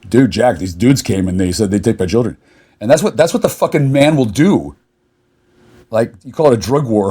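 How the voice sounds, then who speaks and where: Brief: man, low husky voice, furious swearing monologue to camera. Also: expressive, fast, warm tone. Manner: furious, confrontational, swears constantly. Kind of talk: angry profane rant.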